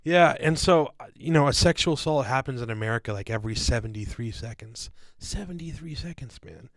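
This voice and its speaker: A man's voice: medium pitch, animated, a little fast, no room sound. A man co-hosting a casual podcast discussion, talking in a rambling way with many fillers and restarts. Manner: casual, calls listeners "guys" and "dude". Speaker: podcast co-host.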